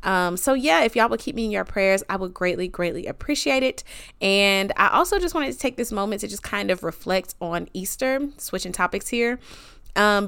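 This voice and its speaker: A woman hosts a podcast, speaking casually and with deep feeling. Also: vocal fry, a bit bright, clear, resonant tone. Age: 20s. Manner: chatty, slangy, emotional and reverent. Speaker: podcast host. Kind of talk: casual devotional podcast monologue.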